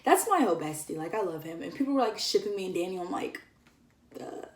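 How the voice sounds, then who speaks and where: A woman's voice: mid-range voice, animated, a little fast, far from the mic, slight background noise. A young woman tells a casual vlog story, chatty and giggly, with lots of fillers. She sits a bit back from the mic in an echoey room. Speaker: vlogger.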